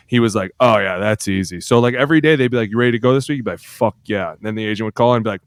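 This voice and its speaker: A man talking fast and loose on a podcast, trading rowdy, profane stories and acting out every voice in them. His voice sits a bit low, and the sound is close and dry with no room around it. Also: clean tone, dry recording. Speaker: podcast co-host, former football lineman. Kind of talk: casual podcast chat.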